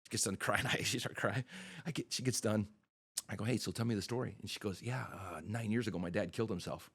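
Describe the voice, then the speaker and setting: A middle-aged man, a chiropractor guest on a podcast, telling stories in a casual, animated way and acting out the dialogue he recounts. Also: fairly low pitch, quick pace, slightly rough. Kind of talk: casual storytelling interview.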